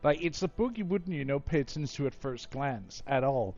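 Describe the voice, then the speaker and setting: Rambling gravelly game master man. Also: mid-range voice, animated, a little fast, darkish tone, muffled recording, faint music behind. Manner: rambling, filler-heavy. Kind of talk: tabletop game narration.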